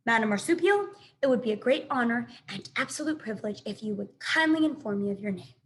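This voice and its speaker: A woman voicing a stiff, overly formal female robot in a storybook reading, speaking slowly and carefully. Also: on the high side, animated, slight background noise, lightly acted. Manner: stiff and formal, slow and measured.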